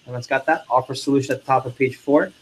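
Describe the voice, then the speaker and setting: A man's voice: medium pitch, steady tone, very fast, a little hiss or hum, rough recording. A man leading a classroom sales training, stressing key words and having trainees repeat after him. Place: training room.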